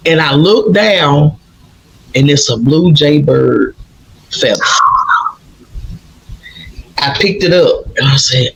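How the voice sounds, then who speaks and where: A podcast host from with a raspy, slightly raised voice. He tells his stories with lively, looping restarts, in a casual chat with his guest. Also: on the high side, takes it slowly, long pauses, rough recording. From Louisiana. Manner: animated, rambling storyteller with many restarts.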